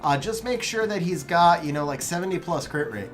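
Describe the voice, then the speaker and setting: A young adult man streams a game live, his expressive voice on the high side and fairly quick, with faint music in the background. He reads chat messages in a laid-back way, chuckles often, and calls his viewers bro.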